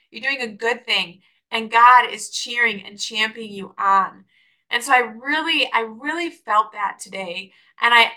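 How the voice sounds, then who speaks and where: A woman's voice: a little high, pushed and bright, low-quality recording. A young adult woman hosting a podcast, talking in an enthusiastic, preachy way about faith and business, often rising to exclamations. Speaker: podcast host. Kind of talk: encouraging faith-based podcast talk.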